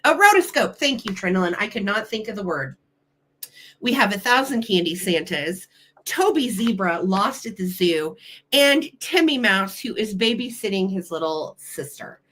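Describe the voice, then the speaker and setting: Speaking at a normal speed with a medium pitch, this middle-aged woman sounds animated and a bit bright. She hosts a live vintage sale, reads old children's books aloud, gushes over them and manages bids while addressing her chat.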